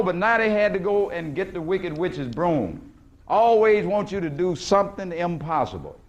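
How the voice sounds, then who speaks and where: A man giving a lecture to a live audience in a preacherly way. He asks questions and answers them himself, and stretches words for emphasis. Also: sits high. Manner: retells film scenes with quoted voices, stretching words for emphasis. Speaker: guest lecturer. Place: lecture hall at a conference.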